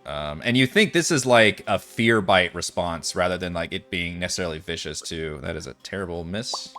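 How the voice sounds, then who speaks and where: A man's voice: low-pitched, lively intonation, moderate pace, fairly bright tone, soft background music. A man running a tabletop game as dungeon master, thinking aloud with lots of fillers. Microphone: headset or desk mic on a voice call.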